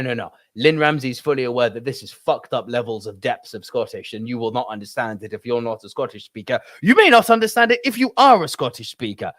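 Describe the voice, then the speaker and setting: A man's voice: medium pitch, expressive, brisk, few pauses, fairly bright tone, no room sound, clean studio sound. Emphatic swearing man on a podcast. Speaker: podcast co-host. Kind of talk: casual film discussion.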